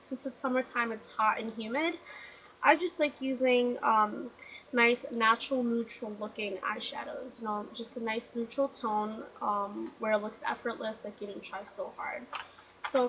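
A woman's voice: a little high, slight background noise. A young woman casually reviewing beauty products in a chatty, upbeat way, with lots of fillers, filmed at home on a webcam. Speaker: beauty vlogger. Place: home room at a table. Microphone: webcam mic. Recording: dull lo-fi 2011 webcam audio.

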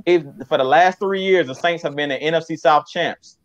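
A man's voice: fairly high pitch, moderate pace, dry recording. A man co-hosting a sports talk show, giving an emphatic, fired-up pep talk. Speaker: podcast co-host. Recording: dry, slightly muffled mic.

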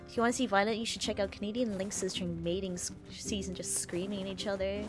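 A woman's voice: mid-range voice, fairly even intonation, fast, few pauses, music in the background. A woman game streamer chatting casually on a live stream, rambling, giggly and profane.

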